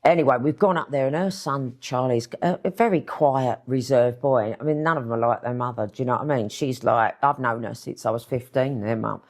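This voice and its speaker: A woman's voice: extremely low pitch, brisk, few pauses, darkish tone. A middle-aged woman with an East London accent, telling stories bluntly and chattily in a casual interview, swearing freely. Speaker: guest author.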